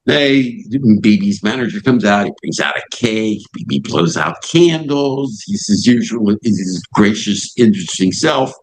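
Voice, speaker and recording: On a low-quality recording, an older man with a lowish voice talks a little slowly, barely pausing. He's a satellite radio host being interviewed as a guest, and he tells an anecdote with gusto, performing the voices of the people involved.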